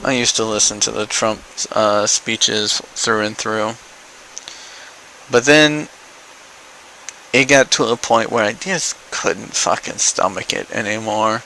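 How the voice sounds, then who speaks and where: A man's voice: on the low side, takes it slowly, gravelly, pushed and bright, a little hiss or hum, low-quality recording. A young man ranting in an opinion vlog, exasperated, sarcastic and profane. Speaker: vlogger.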